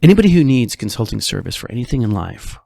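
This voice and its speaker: A man's voice: mid-range voice, sing-song, fast, creaky, mellow, no room sound, studio quality. A man, a real estate broker, talking through the housing market in a casual, chatty way, full of rhetorical questions and frequent "all right"s.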